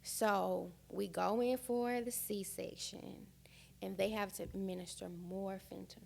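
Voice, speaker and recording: A woman's voice: mid-range voice, measured pace, vocal fry. A young American woman on a podcast, candidly and emotionally telling her own story in casual chat. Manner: emotional, frank, animated retelling. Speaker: podcast guest.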